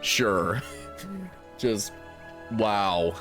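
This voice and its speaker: A man's voice: lowish voice, very animated, extremely slow, a bit bright, faint music behind. A man giving casual let's-play commentary between game lines, with wry, amused asides. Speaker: gaming YouTuber.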